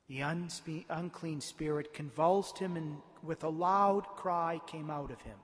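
High-voiced priest preaching in an echoing church. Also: male voice, animated. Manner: emphatic preaching with slow stressed phrases. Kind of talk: Gospel reading and homily. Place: large church. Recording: reverberant church hall.

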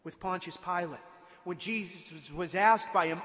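A man's voice: fairly high pitch, normal speed, fairly bright tone, long reverb tail. A man preaching a sermon, retelling scripture with dramatic emphasis and sudden rises in force.

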